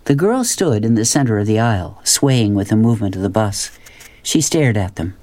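A man narrating a storybook in a steady, plain reading voice. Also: lowish voice, moderate pace, dry recording.

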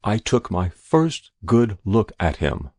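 A man's voice: fairly low pitch, sing-song, slow pace, darkish tone, dry recording. A man reading a first-person story aloud in a dry narrator's voice. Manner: dry first-person narration, voicing each figure lightly.

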